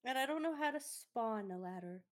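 Woman, podcast co-host, casual gaming chat, reactive, giggly, playful, slightly high pitch. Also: animated, moderate pace. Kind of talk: casual chat while playing a video game.

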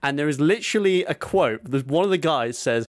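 A man's voice: a little high, animated, fairly quick. A man hosting a podcast, retelling a film in casual chat, rambling and laughing as he goes. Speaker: podcast host.

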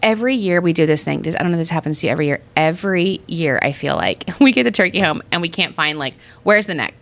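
A woman co-hosting a casual chat, excitable and gushing, often jumping up high when she quotes herself. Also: fast talker, creaky.

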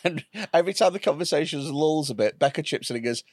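A man, a comedian co-hosting a podcast, telling crude stories in halting, restarting bursts. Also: a little high, dry recording, clean studio sound. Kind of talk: casual chat.

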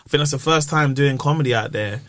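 A man's voice: mid-range voice, fast, dry recording, clean studio sound. A British man, a comedian, telling stories in a casual chat, full of slang and acted-out quotes. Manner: slangy, animated, acts out quotes. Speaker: comedian guest. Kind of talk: casual podcast chat, storytelling.

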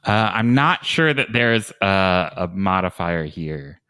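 Game master man, bright, smooth voice, dry close sound. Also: low-pitched, animated, takes it slowly, no echo. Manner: hesitant, amused rulings full of ums. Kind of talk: running a tabletop game.

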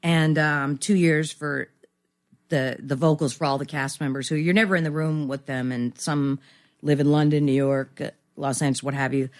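A woman's voice: deep voice, steady tone, normal speed. A middle-aged woman actor talking candidly as an interview guest, rambling and self-deprecating with many fillers.

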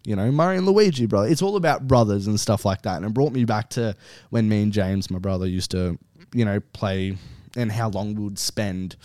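A young man co-hosting a podcast in casual chat, relaxed and swearing freely. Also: on the low side, dry recording, studio quality. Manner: relaxed, swears often, drawn-out phrasing. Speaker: podcast co-host.

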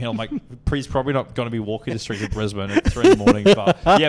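A young man telling a rambling story on a casual podcast. He talks quickly and keeps going, swears a lot, and acts out what other people said. His voice sits at an ordinary middle pitch for a man. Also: expressive, a crowd in the background. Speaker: podcast co-host.

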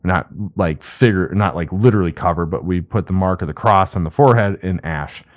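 A man's voice: sits low, a little fast. A man leading an informal Bible study, talking loosely and conversationally as he walks through the text verse by verse.

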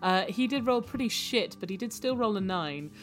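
A woman's voice: mid-range voice, expressive, normal speed. Game master woman narrating, music behind. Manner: hesitant, with frequent ums and uhs, narrating warmly.

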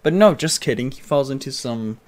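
A man hosting a casual podcast, rambling through a movie recap and dropping into quick voice impressions. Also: medium pitch, expressive. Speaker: podcast host.

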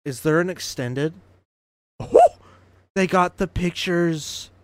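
Podcast guy reacting to clips, excitable and cursing, laughs a bunch. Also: a little high, measured pace, dry recording. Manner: excitable, profane, laughs a lot. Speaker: podcast host. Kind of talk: casual reaction commentary.

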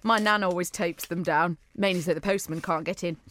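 A woman's voice: lowish voice, fairly even intonation, brisk, a bit bright, a little hiss or hum. A woman co-hosting a podcast, chatting playfully and giggling while reading out listener letters. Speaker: podcast co-host. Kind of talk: casual chat reading listener mail.

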